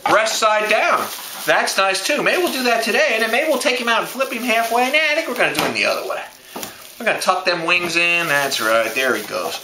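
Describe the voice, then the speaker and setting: A folksy man with a fairly high voice hosts a casual barbecue cooking demo. He jokes and talks straight to the viewers. His voice rings in a roomy space over steady background noise. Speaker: barbecue cook and show host.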